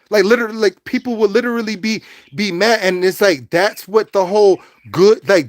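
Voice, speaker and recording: A livestream host with a high voice talks casually to his chat on a dry recording. His manner is preachy and repetitive, aimed directly at the viewers.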